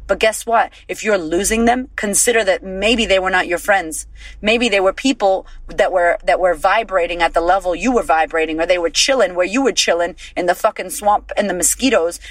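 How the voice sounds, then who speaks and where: A woman's voice: medium pitch, dry recording, low-quality recording. A woman hosting a podcast, giving a blunt, profane, fired-up motivational pep talk. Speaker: podcast host and life coach.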